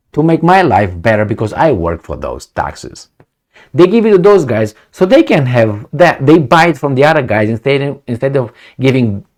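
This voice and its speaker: Middle-aged man, commentary vlogger, indignant and sarcastic, very lively pitch. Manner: sarcastic, indignant, swings between loud outbursts and muttered asides. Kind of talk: reading news and ranting.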